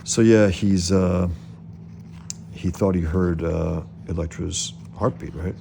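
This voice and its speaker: Deep gravelly-voiced man reviewing comics. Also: fairly even intonation, takes it slowly, background noise. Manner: hesitant, with many fillers and restarts. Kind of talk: casual comic commentary.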